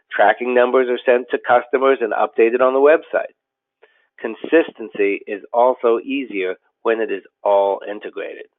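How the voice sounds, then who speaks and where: A man, a company president, giving a scripted business webinar in a steady, explanatory way with occasional fillers and restarts. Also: mid-range voice. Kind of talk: scripted webinar presentation over slides. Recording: tinny phone-like audio.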